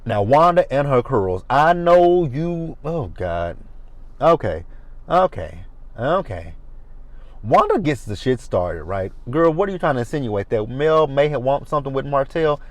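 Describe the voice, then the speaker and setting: A man giving a sassy, animated, swearing commentary on a reality TV episode. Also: medium pitch, moderate pace. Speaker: reality TV reviewer. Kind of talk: casual commentary.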